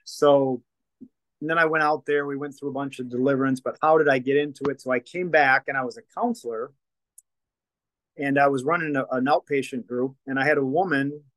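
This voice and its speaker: A guest who is a deliverance minister and former counselor shares a personal testimony in casual conversation, acting out the dialogue of the people involved. His voice is medium-pitched and lively, and the recording is rough with no room sound.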